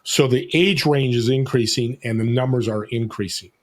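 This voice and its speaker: Energetic male podcast guest, animated, mid-pitched voice. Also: moderate pace. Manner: energetic, animated, acts out quoted dialogue. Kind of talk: casual conversation.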